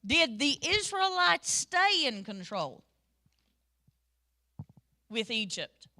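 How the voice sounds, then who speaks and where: A middle-aged woman teaches Sunday school in a sermon style, telling stories lively and swinging between loud and soft. Her voice is high-pitched and slow.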